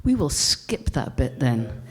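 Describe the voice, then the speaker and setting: A woman's voice: very deep voice, big pitch swings, slow, breathy edge. A Scottish woman in her forties gives a conference talk to an audience in a blunt, wry, joking manner. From Scotland. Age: 40s. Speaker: conference speaker.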